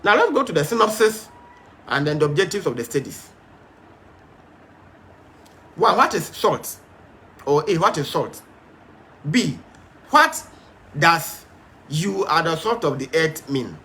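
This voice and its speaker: A man's voice: a little high, sing-song, measured pace, long pauses, bright, forceful tone. A man teaching a Bible study in an emphatic, stern, repetitive way, with frequent fillers.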